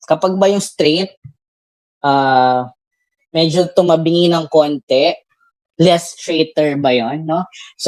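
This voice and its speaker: A woman with a Filipino accent, her voice pitched low, walks through a grammar lesson step by step. She explains patiently and keeps checking in with short tag questions. The recording is close and dry, with no room sound. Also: a little mellow, no room sound, poor audio. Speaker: English test reviewer teacher.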